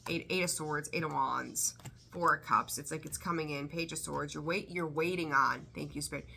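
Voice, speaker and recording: Low gravelly woman doing a rambly tarot reading, swears a lot, faint hiss behind. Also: fairly even intonation, normal speed, bright, forceful tone. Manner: rambling, swears freely, exasperated outbursts. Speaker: tarot reader.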